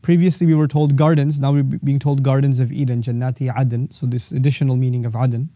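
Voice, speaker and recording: A man's voice: medium pitch, level tone, a little fast, dark tone, no echo. A man teaching a religious lesson, quoting verses in Arabic and then explaining them patiently. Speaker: Islamic teacher.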